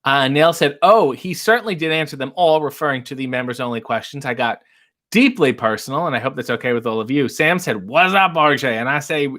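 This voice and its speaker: A man's voice: mid-range voice, lively intonation, fairly quick, bright, forceful tone. A man hosting his own livestream alone, casually chatting and reading out viewer comments in a playful, theatrical way at a home setup with a desk microphone. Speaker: livestream host. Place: home set with ring light.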